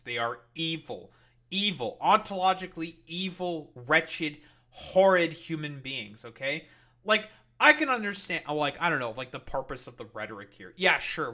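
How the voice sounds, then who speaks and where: A man's voice: medium pitch, sharp tone. A man streaming and reacting to news clips, ranting in heated, profane, rambling political commentary full of fillers.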